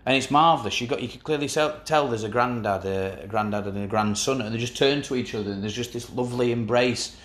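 A man hosts a relaxed chat about football and teases his co-host in a dry way. His voice sits at an ordinary middle pitch. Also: fast, few pauses. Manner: dry teasing banter. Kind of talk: casual chat.

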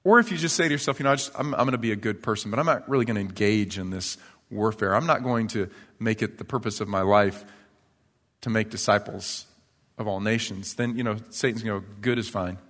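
A male pastor giving a sermon in a chatty storytelling way, growing lively as he tells personal stories. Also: fairly low pitch, fairly quick. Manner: conversational storytelling, animated when telling anecdotes. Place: church sanctuary. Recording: church hall reverb.

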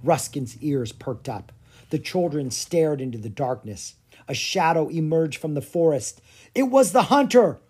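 A storyteller reading a children's fantasy chapter book aloud. The delivery is expressive and animated, with pitch swinging widely. The voice carries a soft, breathy huskiness. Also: a little slow. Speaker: audiobook narrator. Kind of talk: storybook narration.

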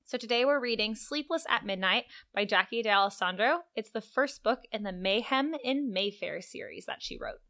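Woman podcast co-host, higher voice, smooth and clear, relaxed and agreeable, casual chat. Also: normal speed, hardly any pauses.

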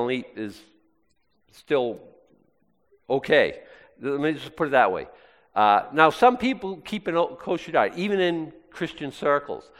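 American pastor in a reverberant hall. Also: male voice, medium pitch, a bit bright. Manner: rambling, folksy, self-interrupting. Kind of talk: casual sermon.

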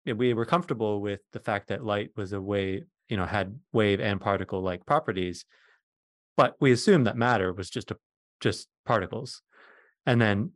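A man's voice: lowish voice, no room sound, studio quality. A middle-aged man, a physicist guest, patiently explaining science in plain words during a conversation.

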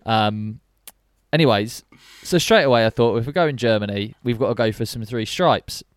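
A man's voice: medium pitch, normal speed, no echo. Brief: male podcast co-host, young adult, casual and joking, dry close mic. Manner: chatty, jokey, rambling with fillers.

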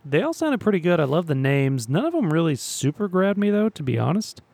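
A man's voice: a little high, big pitch swings, fairly quick, gravelly, darkish tone, husky, no room sound. A man co-hosting a casual chat, easygoing and teasing, laughing often. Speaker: podcast co-host.

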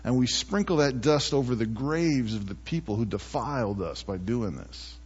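Husky-voiced chatty male preacher. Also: medium pitch, animated, normal speed, big-room sound, dull audio. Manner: chatty, asks rhetorical "right?" often. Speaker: pastor. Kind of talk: conversational sermon.

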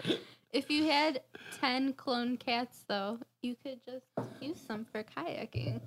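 A woman's voice: high voice, slow pace, a little hiss or hum, rough recording. A woman co-hosting a podcast in casual chat, gushing and enthusiastic.

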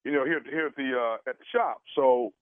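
A man's voice: medium pitch, dry recording. A man making a prank phone call, posing as a caterer and stammering through his explanation with lots of fillers. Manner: halting, stammering with many fillers. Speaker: radio prank caller. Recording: tinny phone line.

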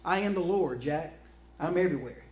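The voice of God, put on by a preacher, steady and unhurried, with a dry, wry touch as it reassures. It sits a bit above a man's usual pitch and echoes through a roomy space with faint noise behind it. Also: lightly acted. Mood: calm. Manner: calm, reassuring, a little wry.

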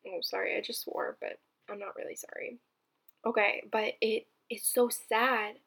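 A young woman talks through her solo podcast in a loose, chatty way, with a gravelly fry at the ends of her phrases. Her pitch sits in an ordinary middle range. She gushes, trips over her words and restarts them often. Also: steady tone, moderate pace, fairly bright tone. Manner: chatty, gushing, many fillers and restarts. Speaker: podcast host. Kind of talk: casual solo podcast chat.

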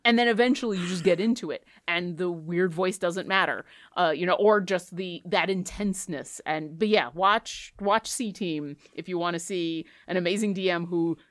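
A woman talking casually as a podcast co-host and game master, chatty and animated with quick asides. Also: fairly low pitch, no room sound, studio quality. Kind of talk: casual chat.

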